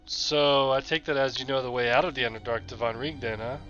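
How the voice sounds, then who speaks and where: Bright-voiced man player, blunt. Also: mid-range voice, steady tone, brisk, muffled recording, soft background music. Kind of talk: tabletop role-play chat.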